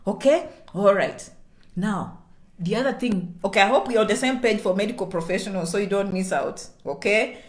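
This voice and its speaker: An immigration vlogger, a woman, walks her viewers through the news in a casual style, constantly checking in with "okay?" She's animated, swinging between loud and soft and dropping to a half-whisper on sensitive points, with a medium pitch and moderate pace.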